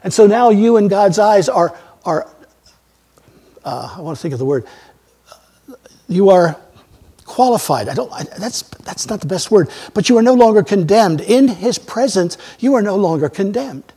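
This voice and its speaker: A man preaching a sermon as a pastor, emphatic, swinging between loud outbursts and quiet asides. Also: high voice, gravelly, husky. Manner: emphatic preaching with sudden loud rises and soft drops.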